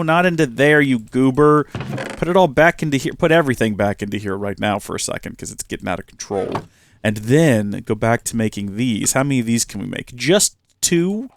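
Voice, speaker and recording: A chatty young man narrating his gameplay, swinging up and down through a lively, animated pitch. He mocks himself, scolds the creatures on screen and talks to the folks at home in an easy, playful way. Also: no echo. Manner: chatty, self-mocking, talks to his bees and the viewers. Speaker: Minecraft let's-play host. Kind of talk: casual gameplay commentary.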